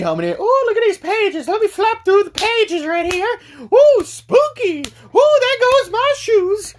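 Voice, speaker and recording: Man, podcast movie reviewer in a studio, rambling and self-mocking, lively up-and-down delivery. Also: fairly high pitch.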